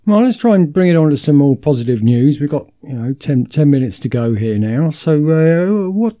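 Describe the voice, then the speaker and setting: A man's voice: a little high, sing-song, normal speed, warm tone. A man hosting a casual podcast discussion, often repeating words at the start of phrases. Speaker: podcast host.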